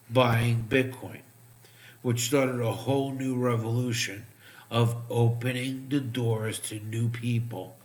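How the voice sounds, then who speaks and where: A man giving profane, sarcastic live trading commentary, muttering asides as he checks charts, while his voice is going hoarse. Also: mid-range voice. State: losing his voice. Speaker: crypto trading streamer.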